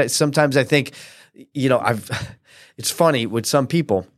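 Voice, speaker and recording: Speaking at a moderate pace, this male pastor teaches in a relaxed, conversational sermon style, frequently throwing tag questions at the audience. He brings quotes to life with animated acting, his pitch is ordinary and mid-range, and the recording is close and dry without any room echo.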